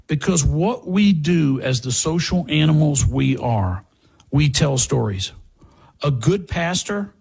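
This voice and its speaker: A man's voice: fairly high pitch, vocal fry, husky. An older man hosting a talk show, rambling through casual commentary with restarts and asides to a co-host.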